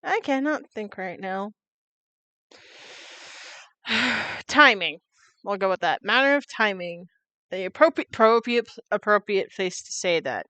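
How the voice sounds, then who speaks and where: Slow-talking bright young woman streamer. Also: medium pitch, expressive, no echo. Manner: playful, chatty, talking to her cat. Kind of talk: casual game stream chat.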